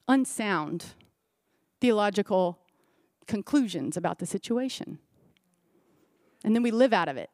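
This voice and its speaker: A woman pastor delivers a sermon with a high, bright-pitched voice. She presses her points with repeated phrases and rhetorical questions to the congregation. The sound is close and dry, with little room echo. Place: church service.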